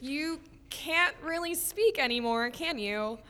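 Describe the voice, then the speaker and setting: A dramatic, death-obsessed teenage girl, played by a woman in an audio drama. She sighs and broods, her voice high and bright, swooping widely. She speaks slowly and moodily. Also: a little hiss or hum, heavily acted. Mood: chattering. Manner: sighing, moody, breathless when excited.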